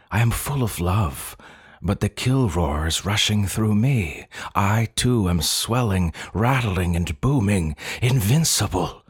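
A man giving a dramatic, intense first-person story reading, sometimes dropping to hushed whispers. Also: low-pitched, husky, no echo, clean studio sound. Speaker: story reader.

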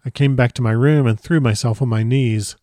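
A man reading a first-person diary aloud as a dramatic audiobook narrator, measured and grave. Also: mid-range voice, fairly even intonation, warm tone, no echo, clean studio sound.

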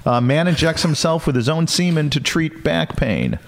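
A man's voice: fairly high pitch, normal speed. A man co-hosting a podcast, chatting casually and jokily, rambling with plenty of fillers. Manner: rambling, jokey, lots of fillers. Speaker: podcast co-host. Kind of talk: casual comedic chat.

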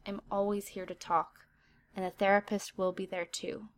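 A woman voicing a gentle, protective male team leader in a storybook reading, calm and reassuring. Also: mid-range voice, unhurried, natural voice.

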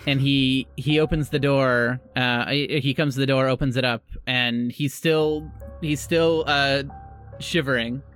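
A game master narrating a tabletop game in a halting way, with many restarts. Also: mid-range voice, steady tone, fairly bright tone, soft background music.

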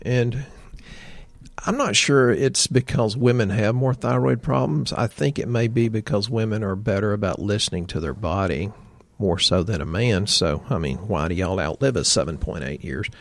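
A man's voice: lowish voice, normal speed, creaky, dry recording. A man hosting a health podcast, telling stories in a folksy way and talking straight to his listeners. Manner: folksy storyteller, addresses listeners directly. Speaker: podcast host and health practitioner.

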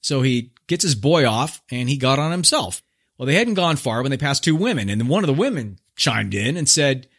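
A male podcast host in a mid-range voice tells an old fable as a laid-back, slangy monologue. His pitch swings up and down as he animates the story. He cracks jokes as he goes. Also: sing-song, normal speed, fairly bright tone, breathy edge.

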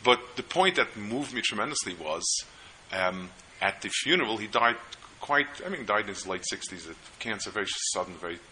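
A man giving a seminar lecture on parenting, earnest and halting, who tells stories between his points. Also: fairly low pitch, lively intonation, pushed and bright, slight background noise, low-quality recording. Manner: earnest, storytelling, halting restarts.

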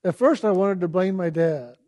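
A man giving a reflective spiritual talk, telling personal stories and asking gentle, searching questions. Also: sits high, moderate pace. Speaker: spiritual teacher.

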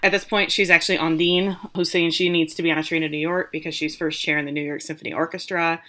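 A woman's voice: deep voice, fairly even intonation, fast talker, a bit bright. A woman co-hosting a podcast, chatting through a scene recap with asides. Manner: chatty, thinking aloud with asides. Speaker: podcast co-host. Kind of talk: casual recap chat.

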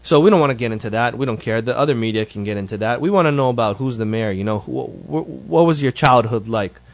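A man's voice: mid-range voice, animated, quick pace, creaky, no echo. Chatty man hosting a show, dry sound. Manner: rambling, conversational, with frequent self-corrections. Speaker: show host. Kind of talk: casual solo update.

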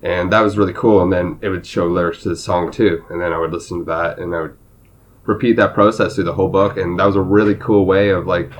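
Male podcast co-host from Canada, low voice, slightly hoarse, loose rambling delivery. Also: steady tone, fast. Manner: rambling, restarts, swears casually. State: losing his voice. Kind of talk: casual chat.

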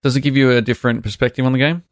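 A man's voice: mid-range voice, steady tone, very fast, no echo, studio quality. A man co-hosting a casual gaming podcast, chatting and reading listener emails aloud. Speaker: podcast co-host. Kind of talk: casual chat.

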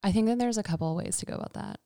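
A young woman in casual chat, telling animated stories and acting out quotes with lots of laughter. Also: mid-range voice, rapid-fire, smooth, no echo, clean studio sound. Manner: animated storyteller who acts out quotes, laughs often.

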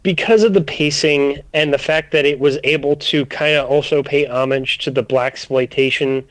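A man co-hosting a podcast in relaxed, chatty conversation. His voice sits slightly high, and it is recorded close and dry. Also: normal speed, dry recording, poor audio. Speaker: podcast co-host. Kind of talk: casual chat.

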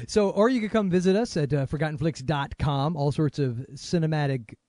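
A man's voice: on the high side, moderate pace, a little mellow, dry recording. A man hosting a film podcast in casual chat, joking around and teasing callers. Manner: playful, breaks into joking song snippets. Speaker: podcast host.

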